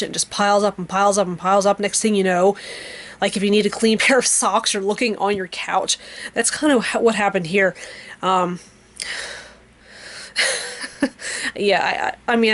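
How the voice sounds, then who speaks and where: Young woman rambling to her camera in her basement room, lots of likes and ums, chatty and frank. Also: medium pitch. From American Midwest or South region. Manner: rambling, many fillers like "like" and "um"; frank and chatty, laughs softly between thoughts. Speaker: vlogger. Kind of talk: casual chat to camera.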